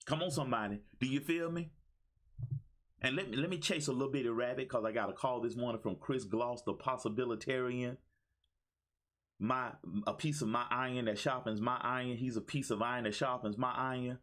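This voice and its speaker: On a phone-recorded livestream, a 50-something man delivers an exuberant motivational talk with preacher-style call-and-response. His medium-pitched voice is a bit bright and fairly even in intonation, and he speaks briskly.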